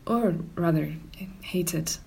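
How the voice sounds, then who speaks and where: A woman's voice: fairly low pitch, slow, gravelly, a little mellow, husky, exaggerated voice. A woman voicing an elderly, fussy, doting Scottish lady in a comedy audio drama, with a Scottish accent. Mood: soothing. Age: older.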